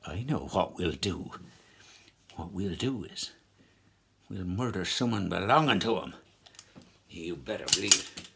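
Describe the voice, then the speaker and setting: A man's voice: lively intonation, a little slow, gravelly, pauses often, fairly bright tone, a little hiss or hum, full character voice. A man with an Irish accent playing a bitter, angry male anti-treaty rebel, ranting indignantly in a costumed comic history act for children. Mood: scheming. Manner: ranting, indignant, then low and scheming.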